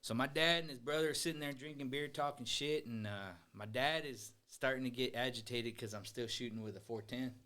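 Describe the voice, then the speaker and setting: A man's voice: medium pitch, brisk, hardly any pauses, sharp tone. A man, co-hosting a podcast and telling rambling, profane outdoor stories with lots of laughing. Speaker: podcast co-host. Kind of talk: casual storytelling chat.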